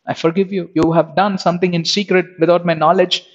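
A tender, remorseful Adam, as a preacher puts him on, speaking with a raised, fairly high voice and apologizing humbly. The lo-fi recording dulls the sound a little. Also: male voice, flat delivery, brisk. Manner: pleading, apologetic. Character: remorseful first man, adult, tender and repentant. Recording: dull lo-fi sound.

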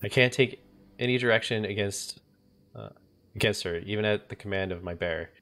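A man's voice: lowish voice, normal speed, fairly bright tone, lightly acted. A man reading as a bitter ancient ghost king. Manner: bitter, brooding.

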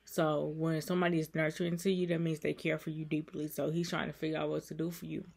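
Gravelly-voiced woman vlogger, heartfelt. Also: low voice, little pitch movement, fast, darkish tone. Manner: emotional, repetitive, soothing. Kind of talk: heartfelt encouraging vlog talk.

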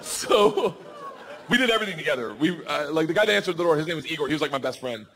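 A man doing loud, animated stand-up storytelling on a comedy club stage. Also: on the high side, fast, some chatter behind. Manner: loud, animated, bursts into shouting. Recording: noisy live comedy club recording.

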